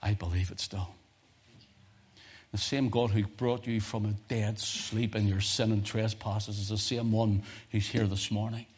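Speaking a little slowly in a low voice with a breathy edge, a male preacher fills his sermon with personal testimony stories. His delivery is lively, moving from loud stresses down to near-whispers.

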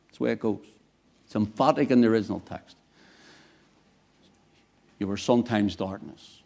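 Preacher man with a dark voice. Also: on the low side, moderate pace, creaky, pauses often. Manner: swings from quiet to loud emphatic bursts. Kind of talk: sermon.

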